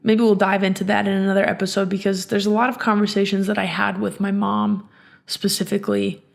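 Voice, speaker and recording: Female podcast host, gravelly fry, halting reflective storytelling with frequent restarts. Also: medium pitch, flat delivery.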